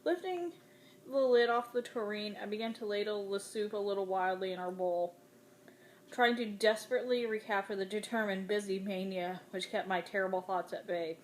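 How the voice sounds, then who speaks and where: A woman reads a dark novel aloud in the first person, her voice sitting at a middle pitch. Her delivery is dramatic and expressive, with a faint hiss of noise behind it. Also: moderate pace. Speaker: audiobook reader.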